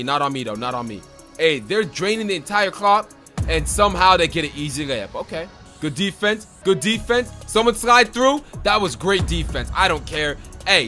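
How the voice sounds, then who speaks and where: Hyped young man calling his game. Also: high voice. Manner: hyped, excitable trash talk with quick repeated exclamations. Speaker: gaming YouTuber. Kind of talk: gameplay commentary.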